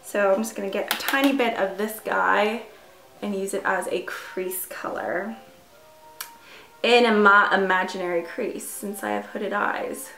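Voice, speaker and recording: A young woman talks her way through a makeup routine in a relaxed, rambling way, dropping plenty of fillers and poking fun at herself. Her mid-height voice bounces off the walls of an echoey room. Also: mid-range voice, measured pace, creaky, faint music behind. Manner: chatty, filler-heavy, self-deprecating. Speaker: beauty vlogger. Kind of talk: casual makeup tutorial chat.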